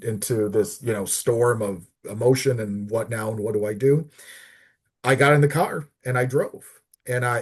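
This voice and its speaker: A middle-aged man, a podcast guest, telling a personal story earnestly and haltingly, often repeating words as he searches for them. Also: mid-range voice. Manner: earnest, heartfelt. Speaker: podcast guest, disability advocate.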